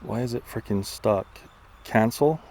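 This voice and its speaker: A man doing excitable, casual commentary outdoors while flying and chasing a drone, out of breath at times. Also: medium pitch, unhurried, slight background noise. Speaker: drone reviewer. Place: outdoors among trees.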